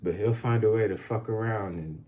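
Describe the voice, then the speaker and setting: With a lowish, dark-toned voice and a brisk pace, a thirtysomething man from Phoenix, Arizona rambles through casual stories as an interview guest on an outdoor balcony. He stays laid-back and profane, leaning heavily on fillers.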